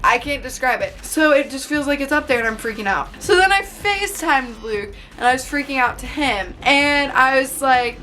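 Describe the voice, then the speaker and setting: A young woman vlogger telling a dramatic story-time tale in an animated, breathless way. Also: sits high, moderate pace, hardly any pauses, soft background music. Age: young adult.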